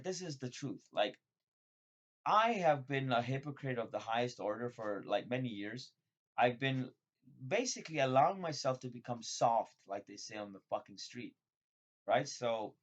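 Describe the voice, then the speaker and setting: A man vlogging in a rambling, profane monologue that jumps suddenly between loud excited bursts and low mutters. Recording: dull lo-fi sound.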